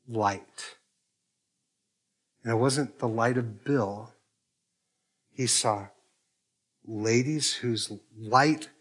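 A man's voice: mid-range voice, a bit bright. A man preaching a sermon, telling a story in a conversational way and quoting the people in it. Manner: conversational, retells dialogue with quoted voices. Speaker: pastor.

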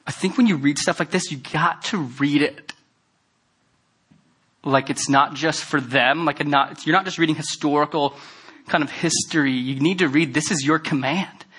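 A man preaching a sermon, talking casually and earnestly, then building to loud, emphatic stretches. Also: a little high, normal speed, slightly rough. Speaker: pastor.

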